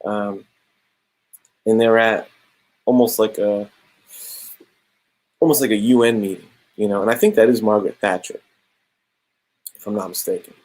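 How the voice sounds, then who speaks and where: A young man talks through a comic book in a loose, slangy review. His voice sits low with a husky edge. He paraphrases the panels in a casual, unhurried way. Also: fairly even intonation, darkish tone, rough recording. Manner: laid-back slangy, drops "bro" and "straight up".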